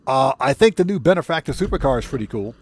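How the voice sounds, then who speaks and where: A man's voice: medium pitch, lively intonation, quick pace, breathy edge. A man hosting a solo game livestream, casually reading and answering chat with frequent chuckles, speaking. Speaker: livestream gamer host.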